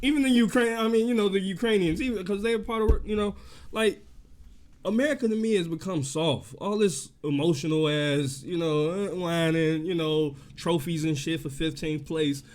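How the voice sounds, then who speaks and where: A Chicago man with a slightly high voice gives blunt opinions on a podcast. He rambles and leans on "you know" and "like" as he talks. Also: normal speed, a little mellow. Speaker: podcast co-host. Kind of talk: casual chat.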